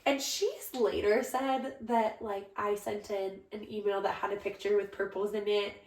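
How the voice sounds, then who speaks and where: A young adult woman co-hosting a podcast, telling a story in a casual, animated way and jumping up high when she quotes herself. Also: normal speed. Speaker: podcast co-host, bride. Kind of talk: casual chat. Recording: echoey room.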